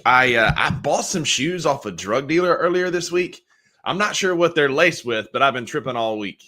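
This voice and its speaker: Bright-voiced wisecracking male co-host. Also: medium pitch, animated, normal speed. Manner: wisecracking, then emphatic analysis. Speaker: podcast co-host. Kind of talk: casual sports podcast chat.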